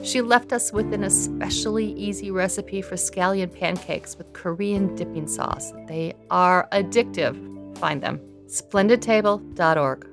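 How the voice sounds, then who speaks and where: A woman hosting a radio show delivers scripted introductions in a smooth, polished read. Her voice sits at a middle pitch, with soft music playing underneath. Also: a little slow. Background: faint music bed.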